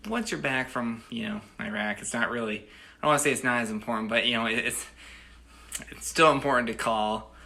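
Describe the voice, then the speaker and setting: Casual storyteller, man, 30s, American, bright gravelly voice, rambles warmly through anecdotes. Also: mid-range voice. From United States. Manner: rambling, with frequent restarts and "you know". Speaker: storyteller and host.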